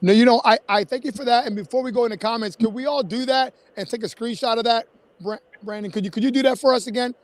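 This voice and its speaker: High-voiced, enthusiastic man hosting. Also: fast, no room sound. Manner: enthusiastic, appreciative. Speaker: host. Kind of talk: live stream interview.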